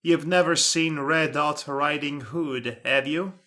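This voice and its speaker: A man's voice: a little high, steady tone, slow pace, bright, forceful tone. A man reading a comic story aloud, breaking off for sarcastic asides. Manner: sarcastic asides and laughter between lines. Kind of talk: comedic dramatic reading.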